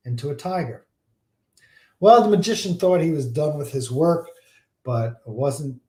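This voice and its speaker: A man's voice: a little high, a little mellow, reverberant. A man, a pastor, teaching a church class with a folksy storytelling manner, often repeating words and using fillers.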